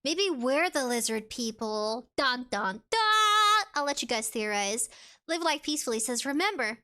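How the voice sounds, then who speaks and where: A woman's voice: fairly high pitch, lively intonation, normal speed, fairly bright tone. A woman streamer chatting casually with viewers, reading out chat and game text in a playful, rambling way. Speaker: VTuber streamer.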